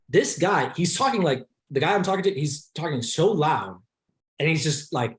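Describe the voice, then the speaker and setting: A man hosting a podcast, telling an anecdote in casual chat, excitable and laughing often as he acts out the people in it. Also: a little high, moderate pace, roomy sound. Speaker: podcast host. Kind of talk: animated storytelling in casual chat.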